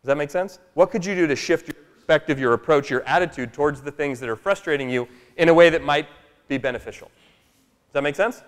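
A man telling a family story to a live workshop audience in an animated, chatty way, often asking "right?". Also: fairly high pitch, brisk. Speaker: speaker at a workshop. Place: large room with a live audience. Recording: long echo of a large hall.

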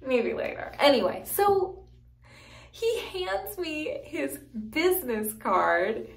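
A woman's voice: high-pitched, sing-song, creaky. Chatty, profane vlogger woman, roomy sound. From New Jersey. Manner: profane, chatty storytelling, quick asides. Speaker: lifestyle vlogger. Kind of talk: casual story time to camera. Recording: roomy echo.

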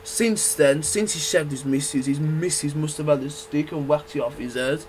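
A man giving loud, crude, excitable gameplay commentary. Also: a little high, moderate pace, slight background noise. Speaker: gamer.

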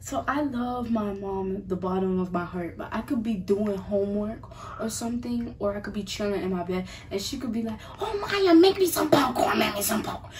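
A woman's voice: medium pitch, a little fast, recorded from a distance, background noise. A woman in casual chat, complaining about her family with exasperation.

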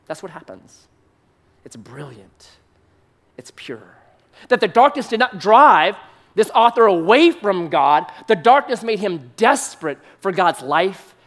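A man preaching a sermon, swinging from loud excited bursts to soft, hushed emphasis and repeating short phrases. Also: high voice, normal speed.

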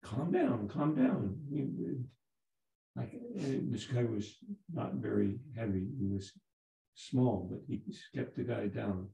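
A man in his seventies, a Zen teacher giving a dharma talk, telling a story in a halting way with many restarts. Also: lowish voice, creaky, mellow. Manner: halting, repeats words and restarts. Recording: roomy echo.

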